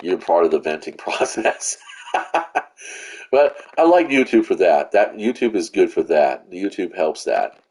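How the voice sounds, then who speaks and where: A man's voice: sits low, big pitch swings, unhurried, a little mellow, husky. A man giving profane, rambling commentary while he plays a game, venting his frustration. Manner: rambling with restarts and fillers. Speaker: gaming channel host. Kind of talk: live gameplay commentary.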